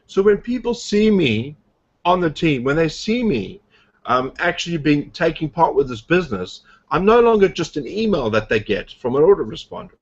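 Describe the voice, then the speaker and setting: A man's voice: on the high side, sing-song, normal speed, highs cut off. A man casually coaching a group about his online business, rambling with lots of fillers and restarts. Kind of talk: casual motivational talk on a group video call.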